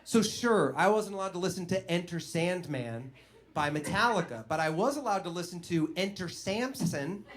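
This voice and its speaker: A man's voice: high-pitched, lively intonation, normal speed. A man performing a stand-up comedy routine, telling stories animatedly and acting out other people's voices.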